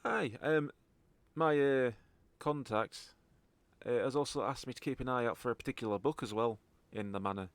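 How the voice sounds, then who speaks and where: A man's voice: mid-range voice, normal speed, no room sound, lightly acted. A man voicing a male local contact with a put-on Scottish accent, folksy and full of "aye". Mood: conspiratorial. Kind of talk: in-character voice in a tabletop game.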